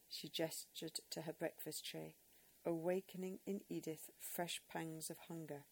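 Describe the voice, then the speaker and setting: A woman narrating an audiobook in a measured, expressive way. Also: low-pitched, creaky, husky.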